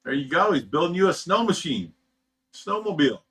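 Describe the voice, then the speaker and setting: A man's voice: a little high, big pitch swings, fairly quick, fairly bright tone, breathy edge. Laid-back man hosting a casual livestream. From United States. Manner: laid-back, chuckles often, trails off with "you know". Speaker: livestream host reading chat. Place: fish rescue facility.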